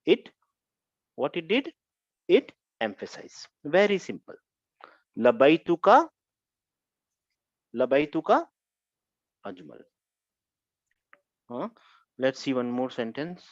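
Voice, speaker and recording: A man's voice: medium pitch, sing-song, takes it slowly, pauses often, no room sound. Guy teaching grammar, says stuff twice and keeps going "huh?", dry dull lo-fi audio. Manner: repetitive, keeps checking with "Huh?". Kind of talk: online grammar lesson. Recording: dull lo-fi recording.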